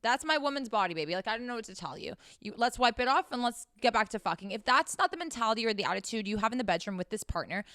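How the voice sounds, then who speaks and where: A woman's voice: fairly high pitch, expressive, quick pace, hardly any pauses, a bit bright, no echo, clean studio sound. Brash, profane young woman giving advice. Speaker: podcast host giving sex advice. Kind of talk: blunt advice monologue.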